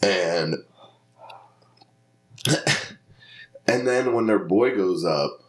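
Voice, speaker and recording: A man telling casual podcast stories, animated, acting out other people's lines in shifting voices. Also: deep voice, drawn-out words. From Philadelphia. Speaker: stand-up comedian.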